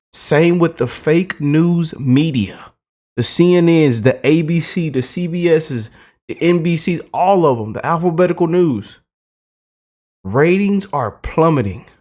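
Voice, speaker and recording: A man gives political commentary on his own channel, gloating and mocking his targets as he repeats himself. His voice sits a little high for a man. He talks slowly, stretching out his emphatic phrases. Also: a little mellow.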